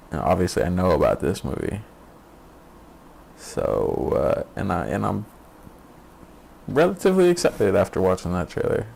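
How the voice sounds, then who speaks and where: Low and gravelly, this man swings his voice up and down as he riffs through a casual reaction stream. He talks bluntly, curses freely and mocks what he watches, with laughs mixed in. His tone stays rough and loose throughout. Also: slight background noise. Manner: profane, blunt and mocking; animated, laughs often. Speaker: streamer host.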